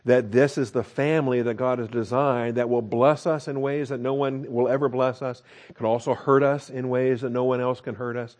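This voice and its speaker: A man's voice: mid-range voice, darkish tone. A man preaching an expository sermon, explaining grammar step by step, repeating key points and often checking in with the congregation. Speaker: pastor teaching scripture.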